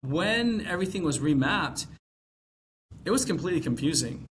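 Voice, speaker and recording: Texas guy running for congress, kinda high voice, lots of "you know", a little background hiss. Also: sing-song, moderate pace. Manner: rambling, frequent "you know" fillers and restarts. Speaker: congressional candidate. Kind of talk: casual podcast conversation.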